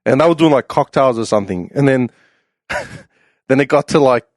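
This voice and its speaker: A young Australian man spins a rowdy travel story in an easygoing chat, laughing as he goes and jumping up loud for the lines he quotes. The recording is dry and close, with no room around his voice. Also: mid-range voice, a little fast, dry recording. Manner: animated, acts out quoted voices loudly, laughs often. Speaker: podcast panelist.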